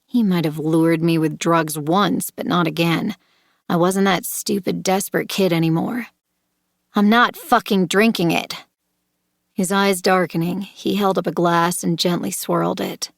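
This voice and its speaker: A woman narrating a first-person thriller audiobook, measured and tense, turning confrontational in the dialogue. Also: fairly low pitch, flat delivery, vocal fry, no echo, studio quality.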